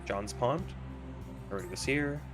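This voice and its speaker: A man's voice: medium pitch, expressive, unhurried, over music. Man reading game text aloud. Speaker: gaming streamer.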